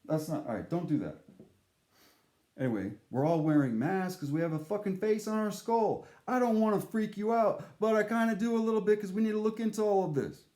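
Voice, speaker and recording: A man telling a story in a casual monologue, animated and profane, acting out the voices he quotes. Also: sits high, fairly quick, echoey room.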